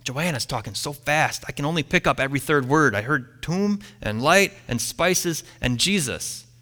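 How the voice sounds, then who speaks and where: A man's voice: a little high, expressive. Man preaching in a reverberant hall. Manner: storytelling, dramatic pauses, trailing off quietly at line ends. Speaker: pastor. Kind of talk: sermon.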